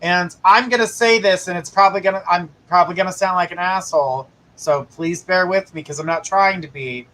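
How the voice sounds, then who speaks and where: Bright high-voiced man giving psychic readings. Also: fairly quick, hardly any pauses, rough recording. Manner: casual, reassuring, gives direct advice. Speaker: psychic host. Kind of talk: live-stream psychic reading.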